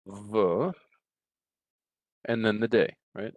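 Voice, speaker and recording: A middle-aged man giving a recorded language lecture from a textbook, relaxed, often checking in with "right?" and restarting his sentences. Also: deep voice, unhurried, dry recording, lo-fi sound. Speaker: Russian language teacher.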